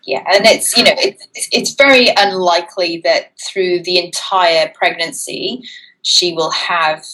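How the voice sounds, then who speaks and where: A woman's voice: on the low side, a little slow, bright, forceful tone, low-quality recording. Chatty woman with a British-Australian twang. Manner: chatty, self-mocking, frequent "you know". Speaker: co-host. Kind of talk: casual podcast chat.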